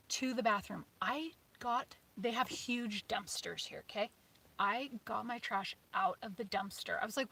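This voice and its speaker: A woman in her forties, her voice sitting a little high, chats on a live stream from her car at a campsite. She tells her story in a rambling, lively way, dropping to whispers and jumping up with excited exclamations. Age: 40s. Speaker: vlogger. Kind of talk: casual live-stream chat.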